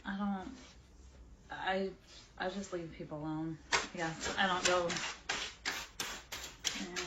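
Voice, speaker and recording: A woman's voice: fairly low pitch, steady tone, slow, heavy background noise. A woman in her forties hosting a livestream tarot reading, chatting casually with viewers and drifting off on tangents. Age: 40s. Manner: chatty, rambling, goes off on tangents while answering chat. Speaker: tarot reader and livestream host.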